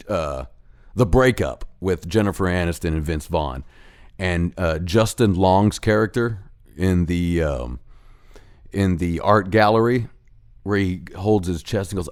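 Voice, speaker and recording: Profane, animated man ranting. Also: lowish voice. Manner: animated, profane, heated ranting with mimicked dialogue. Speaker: host of a rant show. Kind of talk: ranting monologue.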